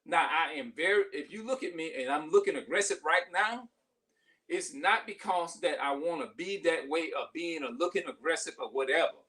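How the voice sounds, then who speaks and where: A man's voice: a little high, normal speed, bright, forceful tone, recorded from a distance, low-quality recording. A man in his forties talking passionately to camera in a casual vlog monologue, emphatic, often restarting his sentences. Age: 40s. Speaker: vlogger.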